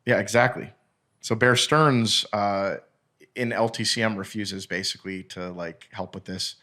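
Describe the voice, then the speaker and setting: Low-voiced man telling a rambling story. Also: unhurried. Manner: rambling, animated, profane, many fillers and restarts. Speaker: podcast guest. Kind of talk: casual storytelling chat.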